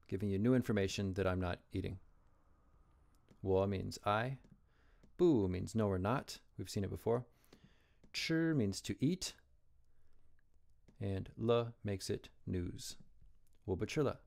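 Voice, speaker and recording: A man teaching Chinese characters, explaining strokes and tones slowly and carefully. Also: on the low side, gravelly, a little mellow. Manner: slow, careful modeling of pronunciation.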